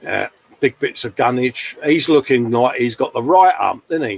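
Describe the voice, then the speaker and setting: A man's voice: medium pitch, animated, normal speed, vocal fry, husky, low-quality recording. A man hosting a casual live-stream chat, matey and full of tag questions. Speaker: host.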